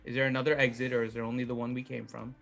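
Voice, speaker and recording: A man playing a tabletop game, asking questions hesitantly, with pauses and ums. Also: mid-range voice, level tone, vocal fry, a bit bright, faint music behind. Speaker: player. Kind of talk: casual game talk.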